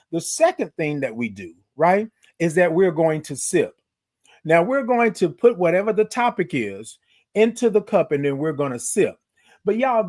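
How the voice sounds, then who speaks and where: A man hosting a morning livestream from his phone, chatting with viewers, reading out their comments and stretching his good-mornings into long singsong calls. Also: a little high. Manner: animated, drawn-out singsong greetings, reads out viewer comments. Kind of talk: upbeat live-stream chat greeting viewers.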